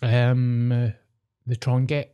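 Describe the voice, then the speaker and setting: Mellow-voiced podcast man. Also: mid-range voice, completely flat delivery, slow pace, clear, resonant tone. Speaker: podcast co-host. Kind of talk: casual chat.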